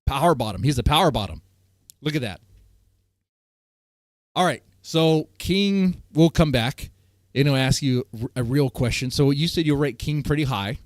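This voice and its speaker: A man's voice: medium pitch, lively intonation, normal speed, pauses often, dry recording, clean studio sound. A man hosting a casual stream chat, joking crudely and rambling with fillers. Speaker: host.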